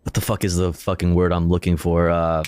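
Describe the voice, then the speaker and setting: A man's voice: deep voice, flat delivery, a little fast, a little mellow, soft background music. A male streamer casually reading news articles aloud and commenting, profane and self-deprecating, often stumbling over his words.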